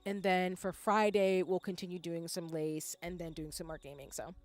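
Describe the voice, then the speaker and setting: A young woman, chatting casually on a livestream while she works on lace, saying y'all a lot and breaking into excited squeals. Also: lowish voice, moderate pace, dry recording. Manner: chatty, says "y'all" often, bursts into squealing yells. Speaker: streamer.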